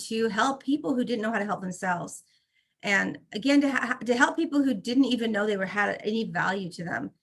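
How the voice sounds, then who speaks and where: A woman's voice: mid-range voice, gravelly, a bit bright, breathy edge. A middle-aged woman co-hosting a members' call, effusive and motherly, talking in a casual chat style. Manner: effusive, motherly, fiercely protective.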